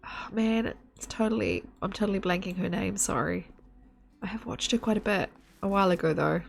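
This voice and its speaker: A woman's voice: mid-range voice, brisk, gravelly, soft background music. A woman streaming a game, chatting in a rambling, giggly, casual way to her viewers and a friend. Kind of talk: casual live-stream chat while gaming.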